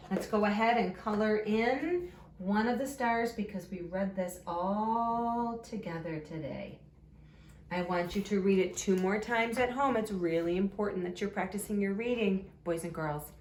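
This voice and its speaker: A woman leads a reading lesson for small children, slow and deliberate, pulling her voice up sharply at the end of each question. Her voice carries a roomy echo, with faint noise behind it. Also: medium pitch, a little mellow. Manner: slow, sing-song, exaggerated question intonation. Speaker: elementary school teacher. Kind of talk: remote phonics lesson for young children.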